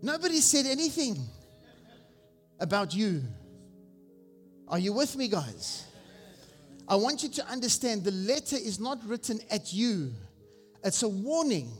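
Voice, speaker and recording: A senior pastor preaching a sermon, exhorting the congregation and asking them questions. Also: male voice, high-pitched, sing-song, measured pace, long pauses. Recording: long reverb with faint music.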